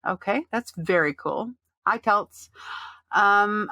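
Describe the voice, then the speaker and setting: A woman co-hosts a casual gaming podcast, talking in a loose, rambling way with frequent fillers and restarts. Her voice is bright and forward, and the recording is dry and close. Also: medium pitch, animated, normal speed, dry recording. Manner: reads out listener chat messages. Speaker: podcast co-host. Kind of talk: casual chat about an online game.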